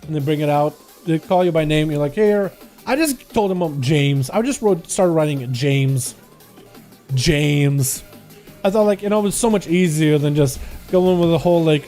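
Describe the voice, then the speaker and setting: Here a young Russian-speaking streamer rambles in slang while gaming and casually talking with viewers. His pitch leans high and his tone is somewhat dark, with faint music audible behind him.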